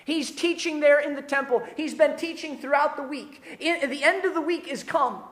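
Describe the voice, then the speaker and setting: A pastor delivering an earnest sermon that swells to fervent near-shouting. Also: sits high, normal speed. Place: church sanctuary. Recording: roomy echo of a church room.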